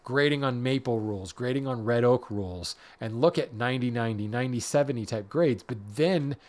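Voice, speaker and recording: A man's voice: mid-range voice, fairly quick, a little mellow. A man hosting a woodworking podcast, explaining wood grading and color in a casual, self-deprecating way that often restarts mid-sentence. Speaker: podcast host, hardwood lumber expert.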